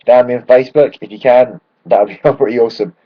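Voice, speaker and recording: Croaky man ranting about football. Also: mid-range voice, quick pace, dull audio. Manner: excitable, swears freely, lots of restarts. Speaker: football fan vlogger. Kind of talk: casual fan rant to camera.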